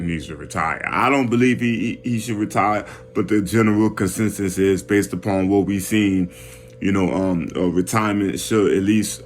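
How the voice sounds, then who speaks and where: A man rants casually about boxing in a fairly low voice, piling on slang and repeating himself as he pushes his point. A faint hum runs under the recording. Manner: animated, repetitive slang-heavy rant with many restarts. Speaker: boxing commentary vlogger. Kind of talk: casual boxing commentary rant.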